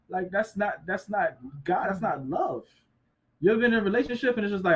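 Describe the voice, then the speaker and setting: A man in his thirties co-hosting a casual faith discussion, animated and acting out quoted voices. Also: high voice, fairly quick, highs cut off. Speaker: co-host.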